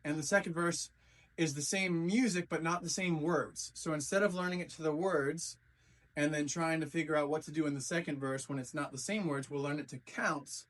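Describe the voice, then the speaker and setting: A man's voice: fairly high pitch, fairly even intonation, moderate pace, a bit bright. A man teaching a dance routine step by step, counting out beats and calling sounds as he demonstrates. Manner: counts and sings out beats while demonstrating moves. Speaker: dance instructor. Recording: voice from a distance from the mic.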